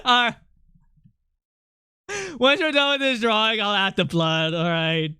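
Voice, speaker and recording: Hyped young guy on stream, slow easygoing talk, bright clear voice, laughs a lot. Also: high-pitched, no room sound, studio quality. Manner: excitable, laughs often, swears casually. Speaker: art streamer. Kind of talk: casual live-stream chat.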